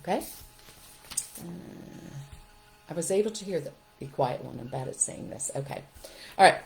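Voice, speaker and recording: A woman's voice: low voice, animated, moderate pace, vocal fry, slight background noise, rough recording. An older woman hosting a live talk, giving parenting advice in a chatty way, laughing often and reading viewer comments aloud. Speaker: host.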